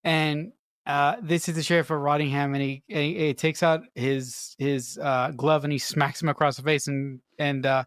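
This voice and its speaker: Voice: medium pitch, flat delivery, normal speed, dry recording, clean studio sound. A podcast co-host enthusiastically praising a film, emphatic, swearing, with frequent restarts. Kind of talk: casual film review chat.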